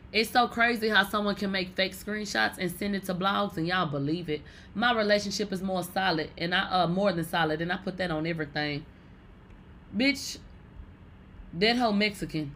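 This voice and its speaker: A woman hosting a casual celebrity gossip show, blunt, profane and animated. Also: medium pitch, moderate pace, slight background noise.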